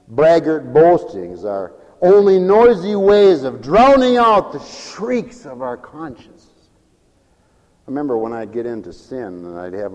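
A man preaching a sermon, dramatic and given to mimicking others and shouting for emphasis. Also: mid-range voice, in a large hall, poor audio. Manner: dramatic, acts out other people's voices.

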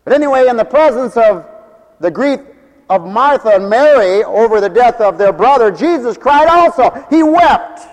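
A male preacher delivers a sermon in a high, animated voice that leaps up for emphasis and falls to near murmurs for asides. He slips into little voices to mimic everyday people. A long reverb trails after his words, as in a large hall. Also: normal speed. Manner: swings between raised preaching and low, quiet asides.

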